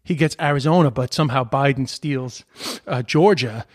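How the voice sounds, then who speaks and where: A man's voice: mid-range voice, normal speed, no room sound, clean studio sound. A man hosting a podcast in casual chat, swearing constantly and ranting. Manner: heavy swearing, animated ranting. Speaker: podcast host.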